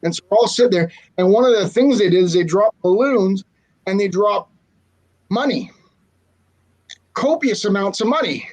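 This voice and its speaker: A man with a fairly high voice hosts a casual podcast, easing into a story with pauses filled with "uh". His delivery is relaxed and chatty. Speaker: podcast host. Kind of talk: casual chat.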